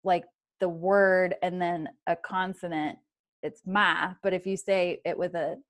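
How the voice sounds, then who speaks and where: A woman's voice: lowish voice, flat delivery, measured pace. A woman hosting a podcast, chatting casually and laughing often. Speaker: podcast host. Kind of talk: casual chat.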